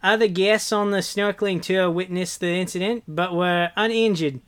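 A man's voice: high voice, steady tone, a bit bright, clean tone. A man doing a wobbly fake Australian newsreader. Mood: newsreading. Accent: imitated Australian, slipping. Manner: halting, with fillers and slips. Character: man reading news in a shaky put-on Australian accent. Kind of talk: read news report.

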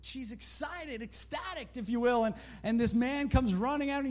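High-voiced emphatic male preacher. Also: normal speed, few pauses. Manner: emphatic, storytelling, repetitive. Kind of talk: sermon.

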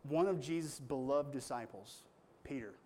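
A man's voice: mid-range voice, moderate pace, darkish tone, slight background noise. A man pastor preaching a sermon in an earnest, conversational storytelling way with strong emphasis.

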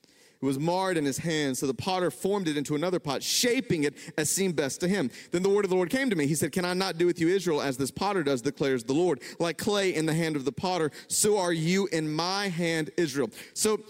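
A man preaching a sermon, conversational and animated, building to emphatic peaks. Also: fairly high pitch, brisk. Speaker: pastor. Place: church hall. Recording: reverberant church hall.

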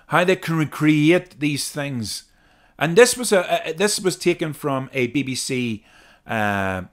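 A man hosting a Christian podcast, earnestly explaining clips and reading scripture, repeating key phrases for emphasis. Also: medium pitch. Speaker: podcast host. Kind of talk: podcast commentary.

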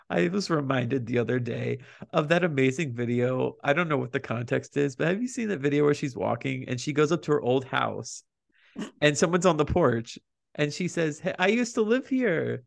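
A young man co-hosts a casual podcast chat, gushing with easy laughs. His voice carries a gravelly fry, and the sound is dry and close with little room. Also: medium pitch, normal speed, no room sound. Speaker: podcast co-host.

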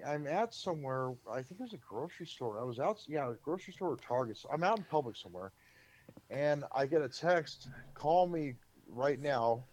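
A man, a publicist, telling show-business stories in a lively, casual way on a podcast and acting out what people said. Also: medium pitch. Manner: lively anecdote-teller, acts out quotes.

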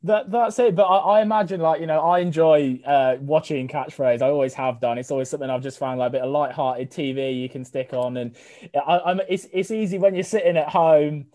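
A man's voice: fairly high pitch, fairly even intonation, fairly quick, mellow. A man hosting a podcast, chatting casually and often giving short encouraging replies. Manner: encouraging, frequent short agreements. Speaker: podcast host. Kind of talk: casual chat.

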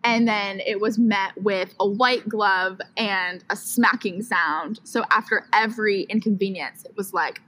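A woman guest on a podcast, chatting in a giggly, animated way, outdoors in a park. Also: medium pitch, a little slow, few pauses, low-quality recording. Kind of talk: casual chat. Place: outdoors in a park, on a grassy slope.

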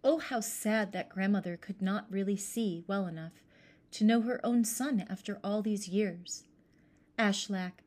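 A woman reading a storybook aloud in a measured, gentle way. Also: medium pitch. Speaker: narrator.

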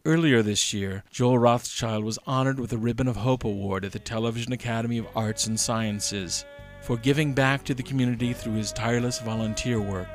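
A male host reading a scripted segment narration in a measured, announcer-like way. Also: mid-range voice, steady tone. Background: guitar music.

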